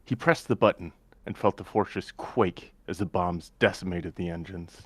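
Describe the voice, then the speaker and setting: A man with a very low voice narrates dramatic fight action in first person during a tabletop story game. The recording is dry, with no room sound. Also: normal speed, husky, dry recording. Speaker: player narrating his character.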